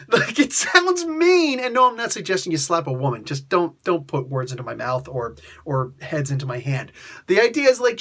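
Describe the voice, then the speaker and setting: A man's voice: extremely high pitch, moderate pace. A man casually reviewing a comic book, ranting in an exasperated way and filling his talk with "like" and "you know". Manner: animated, exasperated ranting with mock outbursts; heavy use of filler "like" and "you know".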